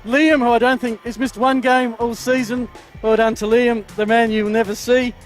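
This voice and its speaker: A man calling a local football broadcast as play-by-play commentator, speaking in a measured way. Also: extremely high pitch, flat delivery, soft background music. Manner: measured, listing thank-yous.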